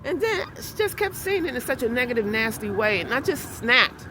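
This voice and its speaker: A woman with a notably high voice tells a story to her vlog in a blunt, animated way, and her account grows heated. She is recording outdoors in a city. Loud street noise sits clearly behind her. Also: moderate pace, hardly any pauses. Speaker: vlogger.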